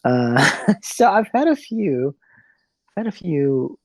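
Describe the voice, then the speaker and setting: A man's voice: on the high side, very animated, slow pace, a little mellow, no room sound, low-quality recording. A man co-hosting a podcast in casual chat, rambling through a story with fillers and restarts. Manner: rambling, many fillers and restarts, mild laughs. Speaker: podcast co-host.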